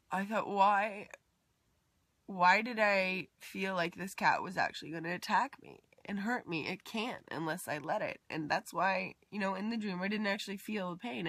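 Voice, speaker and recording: Bright-voiced woman vlogger, rambling. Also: fairly low pitch, no echo. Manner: rambling and heartfelt, many fillers, drops to near-whisper at times. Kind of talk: personal confessional vlog.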